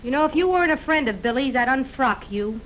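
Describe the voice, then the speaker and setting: An actress playing a brassy, wisecracking nightclub singer, in a 1930s film comedy. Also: female voice, high-pitched, lively intonation, a bit bright, a little hiss or hum, poor audio. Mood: sassy. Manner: brassy, sassy, quick-witted.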